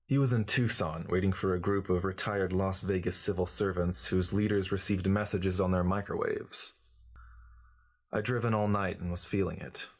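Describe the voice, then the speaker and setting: A man reading a short story aloud in a measured, wry first-person narration. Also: sits low, fairly even intonation. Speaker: reader. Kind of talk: audiobook narration.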